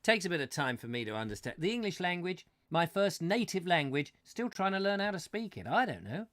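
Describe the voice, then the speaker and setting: A man hosting a comic chat show, rambling and ranting excitably while reading out viewer comments. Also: sits high, brisk, no echo, studio quality.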